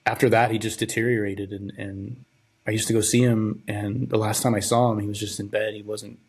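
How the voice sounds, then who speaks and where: A young man hosting a podcast, telling a personal story in a halting, subdued, grieving way, often trailing off and repeating words. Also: lowish voice, little pitch movement, darkish tone, breathy edge. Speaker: podcast host.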